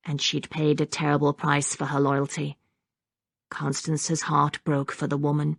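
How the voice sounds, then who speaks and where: A woman narrating an audiobook in a measured, even reading on a close studio mic. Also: low-pitched, creaky, no echo. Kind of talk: scripted narration.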